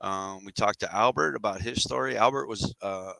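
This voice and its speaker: Middle aged guy on a podcast, lowish voice, dry close sound, rambling candid storytelling w slang. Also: moderate pace, vocal fry, pushed and bright, no room sound, poor audio. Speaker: podcast guest. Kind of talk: casual storytelling interview.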